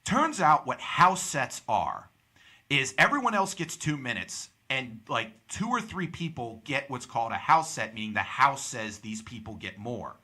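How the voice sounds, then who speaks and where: A man's voice: medium pitch, sing-song, measured pace, pushed and bright, husky. A young man from Pittsburgh, hosting a podcast and telling a story in casual chat, acting out the people he quotes. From Pittsburgh, USA. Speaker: podcast host.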